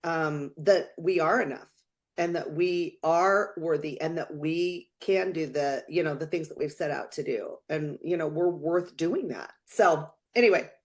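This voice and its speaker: In a low-sitting voice and at a measured pace, a female co-host shares heartfelt, earnest thoughts in a casual motivational podcast chat, her speech full of fillers.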